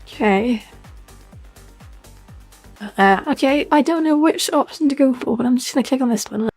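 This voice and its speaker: A man through a voice changer as a husky British goth girl. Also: very high-pitched, moderate pace, faint music behind, pitched above the performer's own voice. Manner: chatty, confiding, giggly. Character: young goth woman streamer avatar. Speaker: streamer. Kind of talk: casual live-stream chat.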